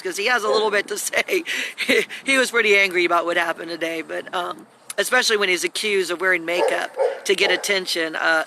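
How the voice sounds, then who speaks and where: A woman's voice: mid-range voice, noisy background. A woman rambling and scolding through a live video at home, recorded on a phone. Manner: agitated, scolding, talks in long rambling runs.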